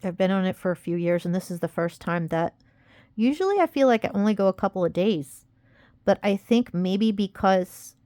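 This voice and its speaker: Her medium-pitched, mellow voice has lively intonation and a moderate pace, with no room sound around it. A young woman in a casual confessional vlog, she rambles in frustration and self-criticism, upset and almost crying as she warns those watching.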